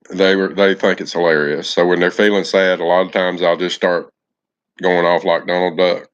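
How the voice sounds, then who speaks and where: A man's voice: sits low, little pitch movement, normal speed, clear, resonant tone, muffled recording. A man chatting on a casual live stream, folksy and affectionate, greeting viewers by name.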